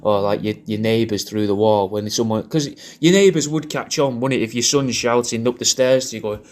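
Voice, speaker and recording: A man giving a rambling, crude, jokey birthday shout-out, often repeating himself. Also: medium pitch, a little fast. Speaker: comedian recording a personalised video message.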